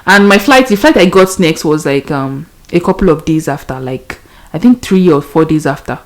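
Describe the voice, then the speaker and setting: A woman's voice: deep voice, expressive, normal speed. A young Nigerian woman hosting a podcast, telling a story casually and animatedly, laughing often and mixing in pidgin. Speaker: podcast host.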